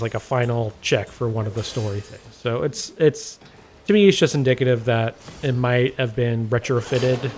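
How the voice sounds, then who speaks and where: A man records casual walkthrough commentary for a video game at home on a desk microphone, rambling, correcting himself, and tossing in wry asides. His voice is mid-range, and a little hiss or hum is audible.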